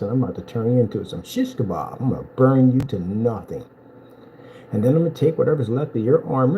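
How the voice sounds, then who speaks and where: A man selling projector screens in a boastful, taunting vlog rant, telling animated stories with big swings in pitch. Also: vocal fry, dull audio, a little hiss or hum. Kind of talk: ranting promotional vlog.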